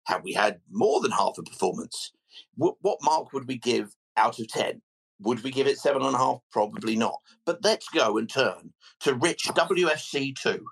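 Husky male podcast host, animated intonation, jokey and stumbling. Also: medium pitch, normal speed, poor audio. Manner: stammering restarts, jokey. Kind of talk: casual football chat.

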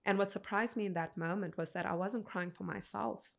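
A woman in her thirties, a podcast guest telling a personal story in an earnest, unhurried way. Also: lowish voice, fairly even intonation, creaky. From South Africa. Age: 30s.

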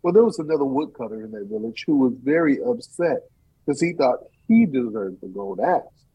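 A man who is a storyteller and teaching artist, talking in an interview and performing a tale in an animated, playful way. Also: mid-range voice, normal speed, husky, muffled recording. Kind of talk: interview chat and live storytelling.

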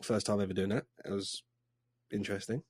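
A man's voice: lowish voice, fairly even intonation, brisk, breathy edge, no room sound. Rambling man, dry close sound. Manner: rambling, hesitant with many ums. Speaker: podcast co-host. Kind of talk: casual chat.

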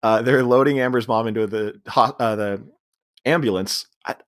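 A man co-hosting a podcast, casually recapping a comedy film's plot and mimicking characters' lines. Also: medium pitch. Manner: recounts plot, acting out lines in quick voices. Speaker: podcast co-host. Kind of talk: casual movie recap chat.

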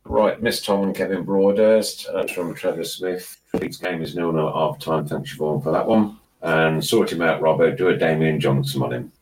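A man's voice: sits low, moderate pace, darkish tone. A man co-hosting a podcast, reading out listener messages and teasing the guests with dry banter. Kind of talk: casual podcast chat. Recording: distant mic with faint noise.

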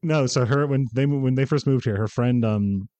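A man's voice: medium pitch, normal speed, mellow, no echo. A man co-hosting a podcast, telling stories and asking curious, teasing questions in casual chat. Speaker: podcast co-host.

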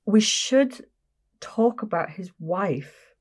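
A woman's voice: medium pitch, animated, very slow. A woman hosting a casual chat, reacting bluntly and with surprise. She swears freely and keeps the tone informal. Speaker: host.

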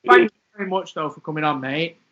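Bright-voiced guy cracking jokes on a podcast, lo-fi sound. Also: fairly high pitch, quick pace. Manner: jokey, laughs often. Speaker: podcast co-host. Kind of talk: casual chat. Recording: dull lo-fi sound.

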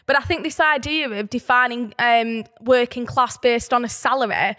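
A woman's voice: a little high, moderate pace. A woman in her thirties with a Burnley accent, co-hosting a casual podcast chat and telling stories with energy. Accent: Burnley, Lancashire. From Burnley, England. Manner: animated storyteller, reads out facts. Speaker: podcast co-host. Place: indoors on a sofa.

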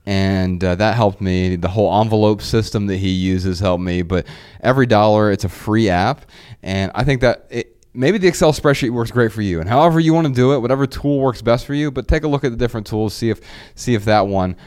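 A man with a low voice talks through his thoughts on a casual podcast. His tone is smooth and resonant. He rambles a little and restarts phrases as he goes. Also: fairly quick, a little mellow. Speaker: podcast co-host.

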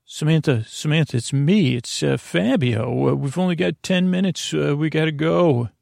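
A man voicing an eager young male rescuer who talks in a hurried, urgent way. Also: on the high side, gravelly, a little mellow, dry recording, studio quality, pitched above the performer's own voice.

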